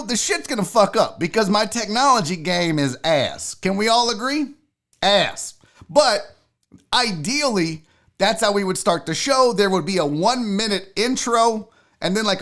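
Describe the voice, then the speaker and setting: A man's voice: high voice, a bit bright. A man hosting a live show in casual, rambling talk, joking and swearing and talking straight to his chat. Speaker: live show host and comedian.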